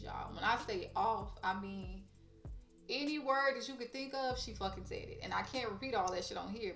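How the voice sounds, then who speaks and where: A woman's voice: medium pitch, gravelly, fairly bright tone, recorded from a distance. A woman vlogger telling a story in casual chat, blunt and profane, talking straight to her viewers. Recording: roomy echo, off-mic, faint music.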